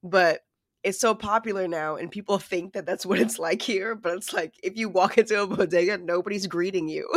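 A podcast co-host chatting casually and joking around, with plenty of swearing along the way. The voice sits at a middle pitch for its kind. It is recorded close and dry, with almost no room sound. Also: fairly quick, no room sound. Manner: animated, profane and joking. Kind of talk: casual chat. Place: lives in New York City.

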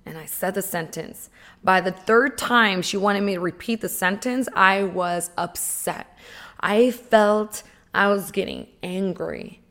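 A woman giving an earnest, emotional personal testimony, with emphatic pauses. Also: mid-range voice, a bit bright.

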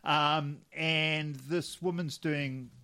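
A man's voice: on the high side, fairly even intonation, very slow, bright, forceful tone. Rambling, laughing male podcast co-host. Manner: rambling, self-correcting storyteller who laughs often. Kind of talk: casual chat.

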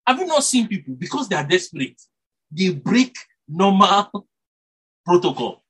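Animated preacher with a lively voice. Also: male voice, high voice, unhurried, husky, rough recording. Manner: animated, rises and drops for emphasis, self-corrects, chuckles. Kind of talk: sermon.

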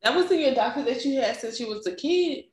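A woman's voice: high voice, lively intonation, brisk. A woman in a casual chat, chiming in and asking curious questions. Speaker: podcast co-host. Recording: roomy echo.

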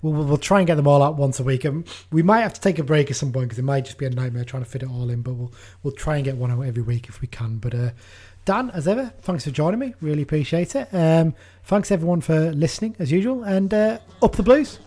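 Fast-talking, mellow-voiced podcast host man. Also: a little high. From England. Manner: chatty, upbeat, laughs easily. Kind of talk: casual football podcast chat.

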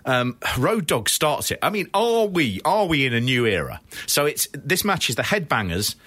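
Lively laughing man, bright voice. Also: fairly high pitch, moderate pace, no room sound. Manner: animated, laughing, swearing storyteller. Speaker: podcast co-host. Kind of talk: casual comedic chat.

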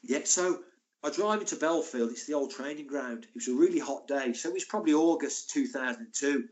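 Older male guest, lively yarn-spinner, chatty asides. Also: fairly high pitch, brisk. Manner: lively, acts out the voices in his stories; chatty, frequent asides like "mate" and "and that". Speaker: podcast guest, former footballer and physio. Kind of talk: anecdotal storytelling.

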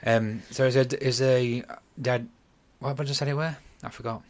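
A man's voice: mid-range voice, steady tone, normal speed, a little mellow. A man, casually retelling a game's plot on a podcast, rambling and apologizing as he goes. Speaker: podcast host. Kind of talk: casual chat.

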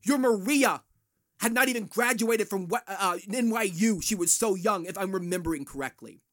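A man's voice: sits high, normal speed, a bit bright. A man hosting a solo podcast, ranting in a fired-up, profane way. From United States. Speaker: podcast host.

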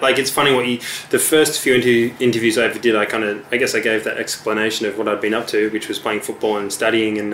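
A man's voice: mid-range voice, fairly bright tone, slight background noise. Hesitant young man, echoey room. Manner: hesitant, many fillers and restarts. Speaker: musician guest. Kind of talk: casual interview chat. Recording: echoey room with faint ambience.

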